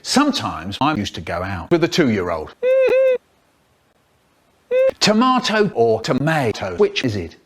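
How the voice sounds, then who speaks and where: A man's voice: on the low side, wildly swooping pitch, moderate pace, hardly any pauses. A man rambling through an absurd comedy monologue, hopping between silly voices. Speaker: collab contributor. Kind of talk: absurd comic monologue in a collab video.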